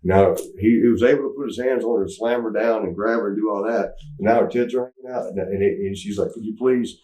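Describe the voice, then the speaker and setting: A man's voice: fairly low pitch, fast talker, warm tone. A man telling a candid story in an interview, rambling with restarts and acting out what people said. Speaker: interview guest. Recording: roomy, mic at some distance.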